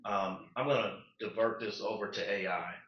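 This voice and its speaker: A man's voice: lowish voice, fairly even intonation, normal speed, slight background noise. A man speaking as a panelist at a community event, serious and urgent, with frequent ums. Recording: roomy, dull, distant recording.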